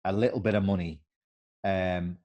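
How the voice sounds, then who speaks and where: In a relaxed interview, this deep-voiced, middle-aged ex-footballer recounts lively anecdotes at a steady pace. He impersonates the people in them as he goes.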